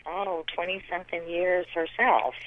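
A middle-aged woman from the American South, a theater director answering interview questions and warmly praising her colleagues. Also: lowish voice, fairly even intonation, moderate pace. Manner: warm, enthusiastic praise of colleagues. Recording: tinny phone-line sound.

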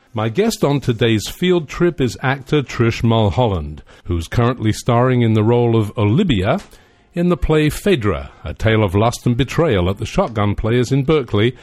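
A man hosting a radio show, reading measured introductions and then asking easy conversational questions. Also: medium pitch, animated, a little mellow, no echo, faint music behind. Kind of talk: radio interview.

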